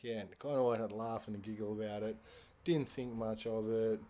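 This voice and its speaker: A man's voice: fairly low pitch, steady tone, a little fast, warm tone. A man hosting a podcast, telling a story casually and rambling with lots of fillers. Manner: rambling, full of "you know" fillers. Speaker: podcast host.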